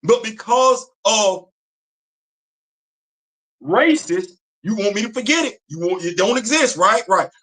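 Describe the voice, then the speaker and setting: A man's voice: sits high, lively intonation, a little slow, long pauses, fairly bright tone. A man hosting a live show, giving an impassioned commentary full of slang, repetition and rhetorical questions. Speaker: host. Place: home studio on a live stream.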